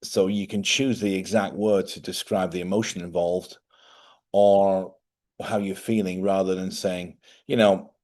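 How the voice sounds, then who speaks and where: A man with a fairly low voice hosts a casual live stream. He rambles along in a chatty way, often thinking out loud and wandering between thoughts. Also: little pitch movement, measured pace. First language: English.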